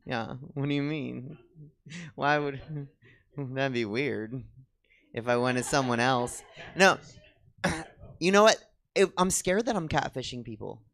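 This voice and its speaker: A man at mid pitch banters from a comedy theater stage, rambling through stories in a chatty, self-mocking way. He talks loosely with the crowd and keeps slipping into giggles. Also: gravelly, a bit bright. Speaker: comedy show co-host. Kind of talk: rambling stand-up style chat with the audience.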